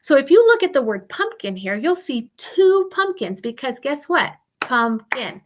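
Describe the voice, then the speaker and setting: A woman teaches a music lesson to young children on video, her voice riding high and swooping up and down with animated expression. She talks in a bright, encouraging sing-song and plays up mock surprise to keep the kids engaged. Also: a little slow, background noise.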